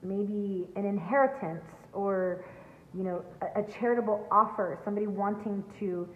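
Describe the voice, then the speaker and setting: Medium in pitch and moderate in pace, the woman offers her audience an emphatic, earnest tarot reading with a spiritual coaching tone. She records from home by a backyard, and the audio comes across as echoey and phone-tinny.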